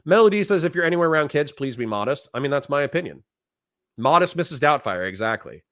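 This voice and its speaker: A man hosting a livestream, reading out chat comments and answering them bluntly, with plenty of swearing and quick flare-ups of anger. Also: fairly high pitch, big pitch swings, a bit bright. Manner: blunt, profane, quick to get heated. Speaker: livestream host.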